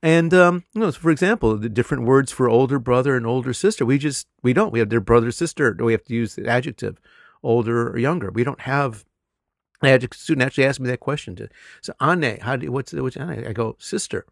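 A middle-aged man talks casually about teaching, spinning classroom stories with plenty of laughter. His voice sits at an average pitch and sounds dry and close, with no room around it. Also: fast, creaky, dry recording. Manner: animated storyteller, laughs often. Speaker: English teacher. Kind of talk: casual conversation.

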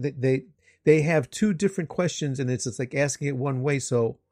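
A man's voice: medium pitch, darkish tone, no echo, clean studio sound. A man discussing language teaching, stumbling over his words and repeating himself, with joking asides. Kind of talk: conversational discussion about teaching.

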